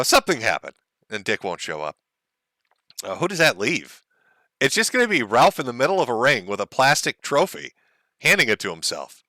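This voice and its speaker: A man on a livestream rants in a mocking, profane way and breaks into laughs at his own jokes. His voice is bright and tense, and his pitch swings widely. The sound is dry and close, with no room around it. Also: dry recording. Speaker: livestream host.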